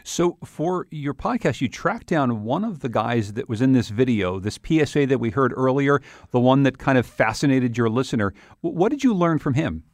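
A man's voice: mid-range voice, lively intonation, moderate pace, few pauses, no echo, clean studio sound. Curious man hosting a radio interview. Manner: curious, asks follow-up questions. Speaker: radio host.

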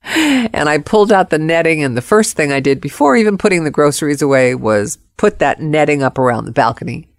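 A woman's voice: deep voice, lively intonation, a little fast, no room sound, studio quality. A woman telling a personal story expressively, acting out the voices of the people in it.

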